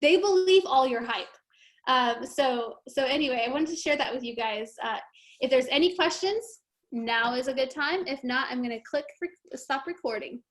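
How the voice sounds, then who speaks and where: Woman, high voice, host of a group call; chatty, animated storyteller. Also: moderate pace. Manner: chatty, laughing, animated retelling. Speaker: meeting host.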